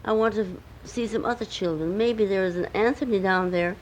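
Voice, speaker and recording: A woman's voice: medium pitch, normal speed, slight background noise, close to an everyday voice, low-quality recording. An older woman voicing a small, eager, polite boy creature from the moon in a bedtime story, earnest and childlike.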